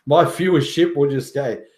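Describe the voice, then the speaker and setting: A man's voice: a little high, darkish tone, roomy sound. A man hosting a casual livestream who jokes, boasts, swears casually and laughs often. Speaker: livestream host.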